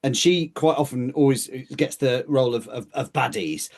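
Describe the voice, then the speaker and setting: A man's voice: mid-range voice, normal speed, darkish tone. A man co-hosting a podcast chat, playful, stumbling over restarts as he asks questions. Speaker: podcast co-host. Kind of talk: casual chat.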